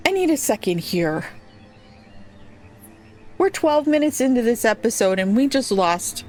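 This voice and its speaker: A woman casually commenting as she plays a settlement-building game, thinking aloud slowly with frequent pauses and ums. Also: fairly high pitch, very animated, darkish tone. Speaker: gameplay streamer. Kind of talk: casual let's-play commentary.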